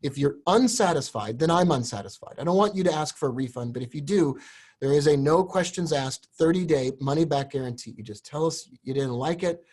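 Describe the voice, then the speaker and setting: A man hosting a live stream, pitching a course with earnest, emotional directness to viewers. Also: animated, brisk, a little mellow. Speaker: host selling a trading course.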